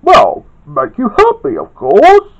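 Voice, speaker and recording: A man voicing an excitable, mischievous boy who blurts out his lines eagerly. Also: very high voice, slow pace, dull audio, pitched above the performer's own voice, exaggerated voice.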